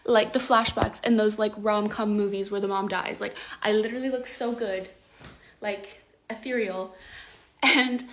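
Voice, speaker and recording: Casting note: young woman, fed-up vlog rant, swears freely, a little higher voice. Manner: indignant, swearing, exasperated. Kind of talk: casual selfie vlog rant.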